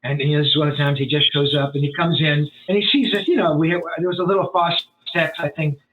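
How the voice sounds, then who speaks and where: A man telling stories as a podcast guest in a rambling, animated way, full of fillers and restarts. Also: a little high, fast. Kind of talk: storytelling in a casual interview. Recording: tinny phone-like line.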